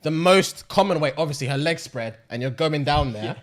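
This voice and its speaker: A man's voice: a little high, lively intonation, moderate pace. A man co-hosting a podcast, laid-back and joking in casual chat. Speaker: podcast co-host.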